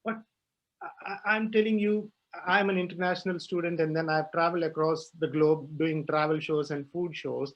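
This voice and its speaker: A man's voice: on the high side, fairly even intonation, normal speed, lo-fi sound. A young man speaking on a panel, passionate and emphatic, with many fillers and restarts. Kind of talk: panel discussion.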